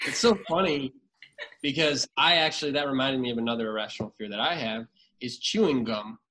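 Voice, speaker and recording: A man's voice: mid-range voice, a little fast, pushed and bright, poor audio. A man in his thirties, a podcast guest, chatting casually and telling stories, with many restarts. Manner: rambling storyteller with many restarts. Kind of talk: casual chat.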